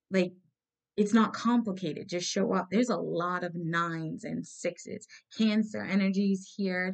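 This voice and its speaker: Blunt, gravelly-voiced woman giving a tarot reading. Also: on the low side. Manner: blunt, swears freely, emphatic repetition. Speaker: tarot reader. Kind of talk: casual spiritual reading to viewers.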